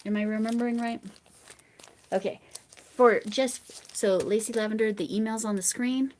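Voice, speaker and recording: An American woman hosting a livestream, chatting casually with viewers and reading their comments. She rambles and drifts into soft mumbled asides. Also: a little high, steady tone, moderate pace. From United States. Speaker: livestream host.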